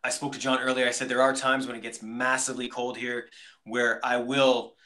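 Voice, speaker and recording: A man's voice: medium pitch, level tone, normal speed, pushed and bright. A man co-hosting a casual podcast, upbeat and enthusiastic, talking straight to his listeners. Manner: upbeat, enthusiastic, addresses listeners as "beautiful people". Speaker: podcast co-host.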